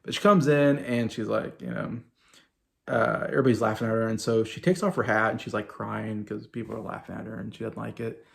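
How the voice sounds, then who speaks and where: A man's voice: lowish voice, level tone, brisk, creaky. A man hosting his own video, rambling through an exasperated casual movie review with mocking asides. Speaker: video host.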